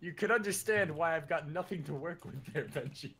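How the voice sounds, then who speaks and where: A man chatting casually with friends while playing an online game, animated and quick to laugh and protest. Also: fairly high pitch, noisy background. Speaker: streamer playing a battle royale game. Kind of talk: casual gaming chat.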